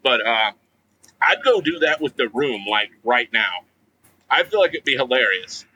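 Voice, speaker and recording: Rambling, bright-voiced podcast guy. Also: medium pitch, animated, moderate pace, husky, poor audio. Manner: rambling, laughing, filler-heavy. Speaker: podcast co-host. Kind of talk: casual chat.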